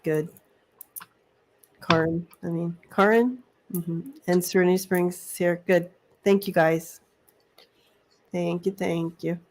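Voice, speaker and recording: A woman's voice: fairly low pitch, gravelly, darkish tone. A middle-aged woman co-hosting a casual live stream, chatty, laughing often and repeating her words. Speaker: psychic reader, co-host.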